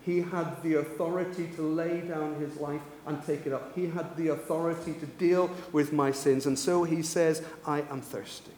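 A man preaching a sermon, telling a story and swinging between loud, excited passages and hushed, low ones. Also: a little hiss or hum. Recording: echoey hall with long reverb.

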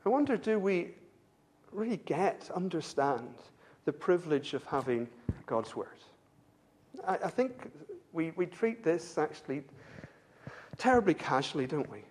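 A man with a notably high voice delivers a sermon from the pulpit. He speaks earnestly, stumbling into repeated words as he restarts his sentences and leaning on rhetorical questions to draw the congregation in. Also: sing-song, unhurried, pauses often, husky. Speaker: preacher.

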